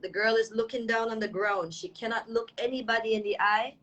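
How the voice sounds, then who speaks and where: Jamaican woman, guest artist, earnest and measured storyteller. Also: a little high, a bit bright, highs cut off. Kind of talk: candid storytelling in an interview.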